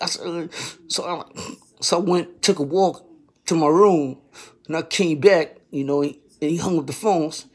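Husky-voiced New man, storyteller vlogger, slangy, jumps from loud to low mutter. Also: moderate pace. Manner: animated street slang, swings from loud exclaiming to hushed muttering. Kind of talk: casual storytelling vlog.

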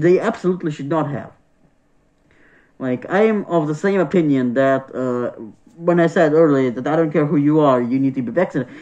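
A man's voice: fairly high pitch, darkish tone. A man vlogging a casual opinion rant, exasperated and profane, repeating himself as he talks. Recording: dull lo-fi sound.

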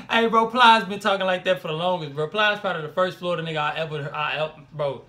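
Reacting to a track for his video, a young man speaks quickly and loosely in slang, breaking into exclamations and laughter between comments. His high voice comes across bright and forward, and his manner is animated.

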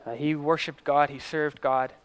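Smooth-voiced male storyteller. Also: on the high side, little pitch movement, normal speed. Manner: vivid present-tense telling, swelling and dropping in loudness. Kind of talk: dramatic storytelling to an audience.

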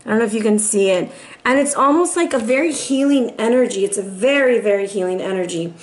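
Chatty high-voiced woman reading tarot. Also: quick pace. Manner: chatty, emphatic, often adds "right?". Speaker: tarot reader. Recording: roomy echo with faint noise.

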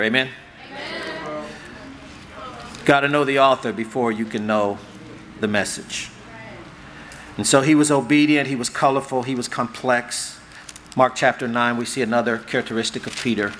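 A man preaching a sermon as pastor, conversational and animated, acting out little dialogues for the congregation. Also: mid-range voice, slight background noise. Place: church hall.

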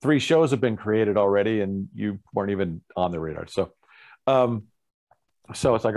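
A man who is a guest musician, telling an animated story in a casual interview and acting out other people's lines. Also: fairly low pitch, normal speed.

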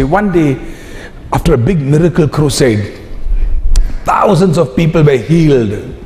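A man's voice: on the high side, moderate pace, a little mellow. A man preaching a sermon and acting out the story's dialogue. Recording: echoey hall with faint noise.

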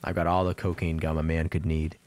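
Low-voiced guy rambling thru a game stream, swears a ton, laughs a lot. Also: flat delivery, fairly quick. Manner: rambling, profane, laughs often. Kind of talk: casual gameplay commentary.

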